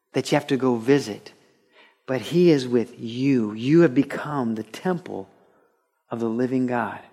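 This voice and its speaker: A man preaching a radio sermon, earnest and conversational, dropping low and soft, then rising into lively storytelling. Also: vocal fry. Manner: earnest and conversational, with repeated restarts; swings between a quiet, intimate tone and lively, raised storytelling. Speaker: pastor.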